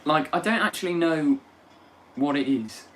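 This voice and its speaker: A young man hosting a casual chat stream, talking fast and excitedly and bursting into loud shouted lines. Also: a little high, slight background noise. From England. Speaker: livestream host.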